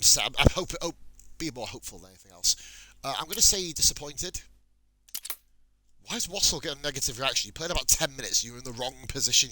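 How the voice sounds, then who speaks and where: A man's voice: medium pitch, pushed and bright. A young man giving casual, profanity-laced commentary while playing a game, chatting and muttering to himself. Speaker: gaming channel host.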